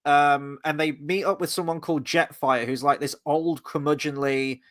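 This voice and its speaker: Playful guy rambling thru a show review, kinda high voice, dry sound. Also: steady tone, moderate pace, no echo. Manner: rambling, playful, lots of asides. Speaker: host. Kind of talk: casual review chat.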